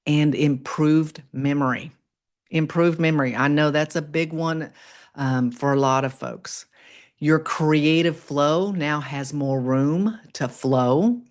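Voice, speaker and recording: A woman hosting a casual motivational livestream, chatty and encouraging, reading and answering viewer comments. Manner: upbeat and encouraging, with swoops up in pitch on exclamations. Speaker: livestream host.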